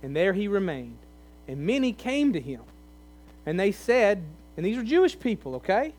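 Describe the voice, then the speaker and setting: High-voiced preacher with a faint hum. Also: male voice, very animated, normal speed, darkish tone. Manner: conversational, emphatic, pleading in places. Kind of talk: sermon.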